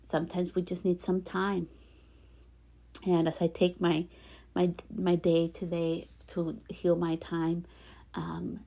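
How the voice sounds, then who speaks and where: A woman hosting her own podcast, talking earnestly and encouragingly straight to the listener, repeating gentle affirmations. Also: lowish voice. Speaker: podcast host. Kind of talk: heartfelt solo podcast talk.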